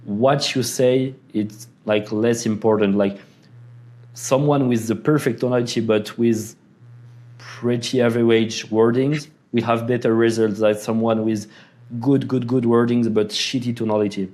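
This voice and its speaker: A man's voice: medium pitch, steady tone, measured pace, darkish tone. Young man with a French accent. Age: young adult. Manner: non-native phrasing, laughs while telling stories. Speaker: sales closer. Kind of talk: casual podcast chat.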